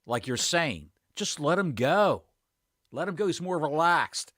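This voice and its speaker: Male co-host, bright tone, animated storyteller, dry close-miked sound. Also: on the high side, unhurried, dry recording. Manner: animated storyteller, jokey asides. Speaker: podcast co-host. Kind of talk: casual chat.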